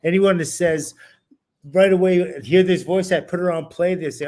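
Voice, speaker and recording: Laid-back man with a slightly high voice. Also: steady tone, moderate pace, a little mellow. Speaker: podcast co-host. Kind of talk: casual boxing chat.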